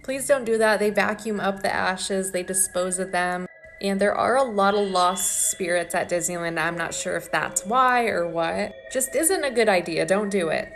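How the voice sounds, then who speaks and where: A woman's voice: medium pitch, moderate pace, fairly bright tone, soft background music. A young woman casually telling a personal ghost story to her viewers, chatty and earnest, with lots of "like".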